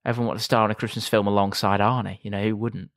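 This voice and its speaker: A man's voice: fairly low pitch, flat delivery, racing, a bit bright, dry recording. A man, co-hosting a casual film review podcast, dry and wry, acting out bits of scenes. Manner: dry, acts out scenes in silly voices. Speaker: podcast co-host.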